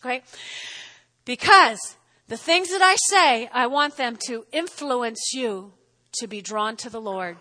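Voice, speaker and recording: A woman preaching a sermon in an animated way, often breaking off to ask "okay?" and acting out little scenes. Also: on the high side, measured pace. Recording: long hall reverb.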